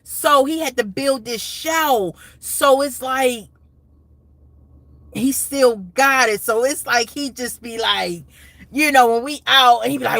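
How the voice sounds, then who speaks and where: A woman's voice: high voice, takes it slowly, a bit bright, dry recording. A woman hosting a casual live stream, talking in a rambling, emotional way with many restarts and asides.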